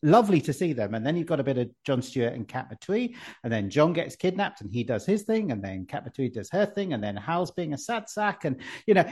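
A man's voice: on the high side, sing-song, a little fast, hardly any pauses, a little mellow, husky. A man co-hosting a casual comics podcast, chatty and rambling, often ending with tag questions. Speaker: podcast co-host. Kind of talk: casual chat about comics.

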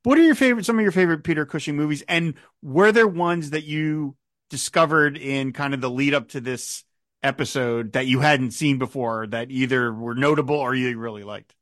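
A man's voice: mid-range voice, moderate pace, fairly bright tone, dry recording, clean studio sound. A man hosting a podcast, asking long questions that loop back on themselves and correcting himself. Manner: rambling questions with restarts. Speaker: podcast host. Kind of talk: casual podcast chat.

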